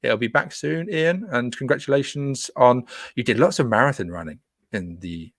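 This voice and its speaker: A man's voice: mid-range voice, expressive, moderate pace, dry recording, studio quality. A man hosting a casual live stream, reading out viewer comments in a chatty, playful way. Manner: chatty and playful, jokes with listeners. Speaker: host.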